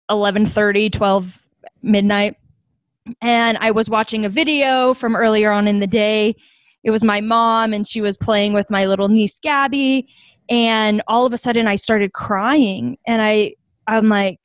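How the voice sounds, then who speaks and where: A young U.S. nonprofit founder speaks in a medium-pitched voice, with no echo, during a podcast interview. Her storytelling is earnest and reflective, turning animated whenever she quotes someone.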